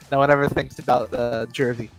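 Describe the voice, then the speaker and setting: A man's voice: mid-range voice, rough recording. A man chatting jokily while playing a game, stammering through restarts and giggling often. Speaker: let's play co-host. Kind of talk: casual chat over gameplay.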